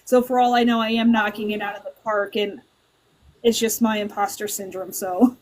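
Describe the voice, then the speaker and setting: A woman's voice: mid-range voice, little pitch movement, normal speed. A woman author chatting casually in an interview, self-deprecating and rambling with lots of fillers. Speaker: author guest.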